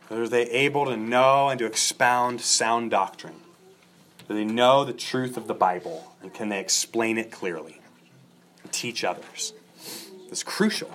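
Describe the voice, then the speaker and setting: A man's voice: medium pitch, fairly bright tone. A middle-aged man preaching an expository sermon, earnest and emphatic, building points through repeated lists. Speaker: pastor.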